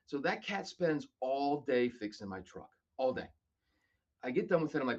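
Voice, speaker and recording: A man telling stories casually as a podcast guest, animated and acting out other people's lines. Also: mid-range voice, moderate pace, dull audio. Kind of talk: casual storytelling.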